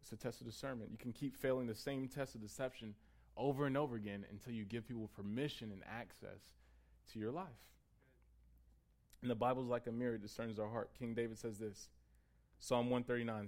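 A man delivering a sermon in a relaxed, storytelling way, with a voice of middling pitch. He talks like he is chatting with his listeners, then swells into louder, fervent stretches before sinking back to near-quiet. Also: a little fast. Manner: conversational, building to emphatic peaks. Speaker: pastor.

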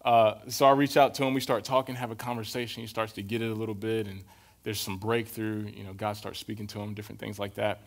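A man's voice: on the low side, little pitch movement, fast talker, creaky. Casual young man preaching a sermon. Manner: casual, storytelling, keeps checking in with "right?". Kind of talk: conversational sermon.

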